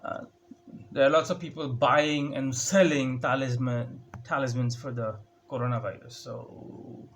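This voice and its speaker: In a steady, mid-range voice at a measured pace, with slight background noise, a young vlogger rants sarcastically into his phone at home. He delivers a casual monologue and imitates other people by raising his voice.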